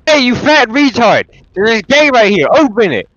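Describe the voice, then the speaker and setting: Very high-pitched man shouting for help. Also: very animated, normal speed, no room sound, highs cut off. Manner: shouting, pleading and cursing. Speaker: trapped player in voice chat. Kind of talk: angry in-game voice chat.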